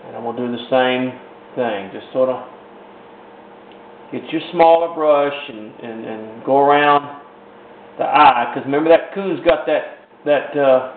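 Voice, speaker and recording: A man teaching a painting technique step by step in a folksy, rambling way, often repeating himself. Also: mid-range voice. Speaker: painting instructor. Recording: roomy, tinny lo-fi with faint hiss.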